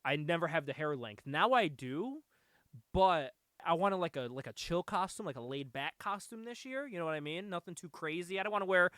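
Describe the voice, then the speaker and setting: A man hosting a casual comic-book podcast, telling excited, profane stories and laughing often. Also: fairly high pitch, fairly quick, clear, resonant tone, no room sound, clean studio sound. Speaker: podcast host. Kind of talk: casual chat.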